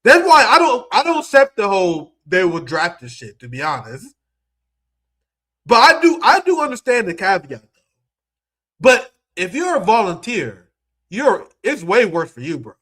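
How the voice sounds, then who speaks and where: A man's voice: high-pitched, sing-song, measured pace, sharp tone. A young man giving heated, profane political commentary as a streamer, mocking and ranting at his audience.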